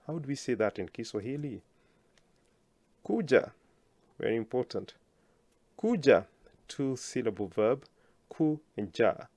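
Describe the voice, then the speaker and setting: A man teaching a language lesson, slowly enunciating words for learners to repeat and praising them often. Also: lowish voice, a little mellow, dry recording.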